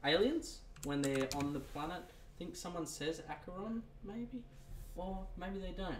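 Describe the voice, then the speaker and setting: A man's voice: high-pitched, a little slow, slight background noise. A man chatting as a guest at a friend's home, easygoing and amused, thinking aloud as he talks. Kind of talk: casual chat. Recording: roomy, distant from the mic.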